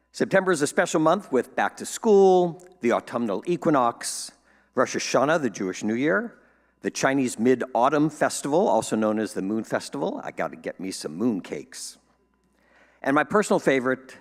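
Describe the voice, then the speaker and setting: A man's voice: mid-range voice, big-room sound. Upbeat man hosting church announcements. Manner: upbeat, playful, joking asides. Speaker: service host giving welcome and announcements. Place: church sanctuary.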